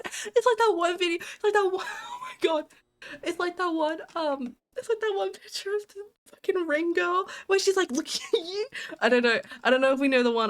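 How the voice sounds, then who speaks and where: A woman's voice: very high voice, fairly bright tone. A woman streamer with an Australian accent, giving live commentary on a horror game in a jumpy, giggly way, squealing and muttering to herself.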